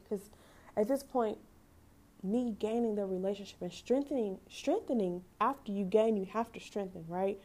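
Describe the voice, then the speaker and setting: A woman's voice: medium pitch, normal speed, dark tone. A young woman hosting a faith podcast. She reads scripture aloud and talks about it in an earnest, emotional way, often stopping to correct herself. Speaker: podcast host. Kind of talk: casual devotional talk.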